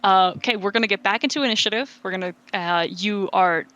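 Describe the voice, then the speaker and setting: A woman narrating as game master for a tabletop game, describing a monster in halting, self-correcting bursts full of fillers. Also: mid-range voice, fairly bright tone, highs cut off.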